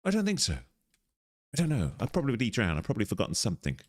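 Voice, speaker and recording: A man's voice: mid-range voice, wildly swooping pitch, fast talker. A man live-streaming a game, chatty and playful, talking through what he is doing. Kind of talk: casual live-stream chat while gaming.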